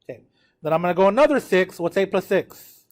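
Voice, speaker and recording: A man's voice: high voice, expressive, fairly quick. A tired man teaching a math class, talking students through a graph and checking in with them often. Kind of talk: live classroom lecture at a whiteboard.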